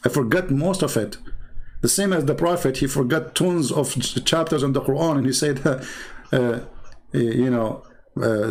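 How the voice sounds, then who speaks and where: A man giving sarcastic commentary while reading from his screen. He speaks broken, non-native English with heavy mocking irony and sudden leaps in pitch. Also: animated, moderate pace. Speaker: online religious critic.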